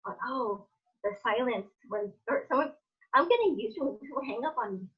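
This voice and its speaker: A woman's voice: fairly high pitch, expressive, normal speed, highs cut off. A woman who stutters, talking emotionally and openly on a video call in a casual meeting. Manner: stutters, rambles, swings between tearful and upbeat. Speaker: attendee. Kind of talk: emotional personal sharing.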